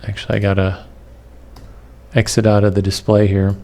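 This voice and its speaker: A man teaching a web development lecture over a screen capture, talking in a slow, halting way with many fillers and pauses while he has the hiccups. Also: fairly low pitch, monotone, dark tone, slight background noise.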